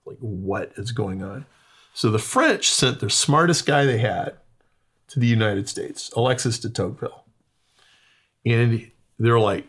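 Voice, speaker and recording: A man's voice: medium pitch, measured pace, fairly bright tone, slightly rough. A man explaining ideas in casual talk, emphatic and often checking in with "okay?".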